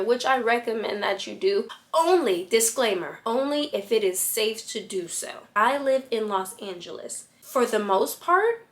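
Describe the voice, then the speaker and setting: A woman's voice: a little high, fairly bright tone. A woman giving blunt, sassy dating advice straight to camera as a fashion influencer. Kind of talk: talking-head advice vlog.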